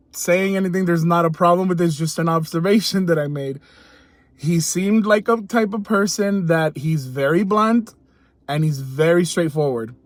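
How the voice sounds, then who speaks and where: A man with a high voice tells a story in a loose, chatty way, breaking into laughs and doubling back on his words. The recording is dry and close, with no room sound. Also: no echo. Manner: chatty, laughs often, repeats himself. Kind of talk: casual storytelling to camera.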